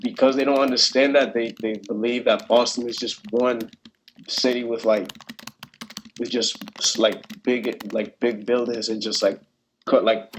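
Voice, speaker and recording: A man's voice: mid-range voice, steady tone, unhurried, slight background noise, low-quality recording. A young man speaking as a student panelist in a casual discussion, hesitant and full of restarts, over a video call. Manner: hesitant, many restarts and fillers.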